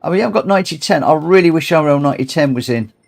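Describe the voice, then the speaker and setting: A man's voice: on the high side, fast talker, creaky. A tired man hosting a long charity gaming livestream, chatting casually, rambling and repeating himself as he gets emotional. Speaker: livestream host.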